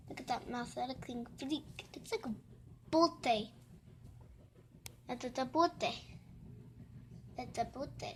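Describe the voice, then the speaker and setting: High, bright, cutesy female vlogger. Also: a little hiss or hum. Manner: cutesy put-on kitty voice; gushing, repetitive and rambling. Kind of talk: casual toy show-and-tell vlog.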